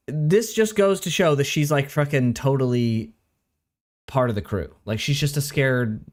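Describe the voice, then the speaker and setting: A man's voice: mid-range voice, a little slow. A man co-hosting an anime reaction stream, talking loosely and casually, with easy swearing and rambling sentences. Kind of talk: casual chat. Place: home recording room.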